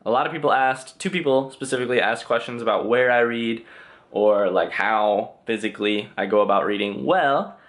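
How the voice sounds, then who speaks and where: A man's voice: mid-range voice, moderate pace, fairly bright tone. A young man casually answering viewer questions in a vlog from his bedroom, chatty and self-deprecating, with many filler words. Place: bedroom with reading chair.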